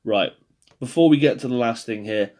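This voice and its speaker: A man's voice: medium pitch, moderate pace, darkish tone. A man talking casually to camera, rambling and swearing with self-deprecating jokes, a little tired. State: yawning, tired. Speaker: podcast host ranking biscuits. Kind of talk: casual solo video monologue.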